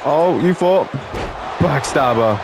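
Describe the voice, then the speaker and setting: A man's voice: on the high side, lively intonation, slow pace, crowd noise, noisy background. A man giving casual, joking let's-play commentary, laughing often and calling people mate. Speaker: gameplay commentator.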